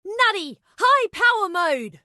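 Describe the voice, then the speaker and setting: A woman voicing a perky young game character who speaks with careful, highly varied intonation. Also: sing-song, slow pace, sharp tone, heavily acted. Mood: chirpy. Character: perky young woman with an attempted Australian accent. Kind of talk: game voice lines.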